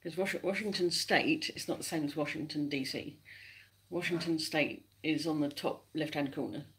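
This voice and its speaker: A woman's voice: low voice, normal speed, a little hiss or hum. A woman co-hosting a casual livestream chat, explaining things at length in a chatty way and laughing often. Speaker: livestream co-host.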